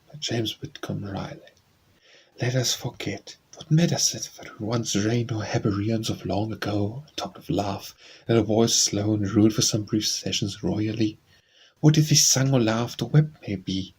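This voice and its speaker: A man reading poems aloud for an audiobook in a measured, even recitation. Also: lowish voice, creaky, slightly rough. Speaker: audiobook reader. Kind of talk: poetry reading.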